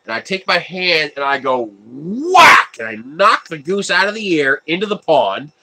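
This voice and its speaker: A man with a slightly high voice hosts a casual livestream while building a 3D printer, telling stories, laughing often and answering viewer chat. He speaks at a normal speed with lively intonation and a sharp tone.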